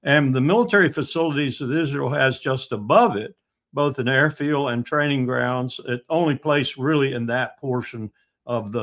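A man in his sixties telling stories in a halting, anecdotal way during a casual discussion. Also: mid-range voice, a bit bright. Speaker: guest commentator.

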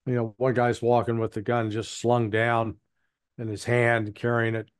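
A man's voice: mid-range voice, flat delivery, normal speed, clear, resonant tone, dry recording. Blunt male analyst, dry close voice. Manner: rambling, frequent restarts and fillers, blunt. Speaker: interview guest, analyst. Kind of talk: casual spoken commentary.

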